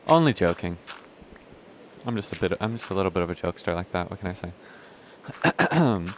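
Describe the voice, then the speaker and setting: His voice sits low and he talks fast: a hiccuping young man hosting a let's play, drifting through casual commentary, cutting himself off and swearing in passing. A little hiss or hum runs under the recording.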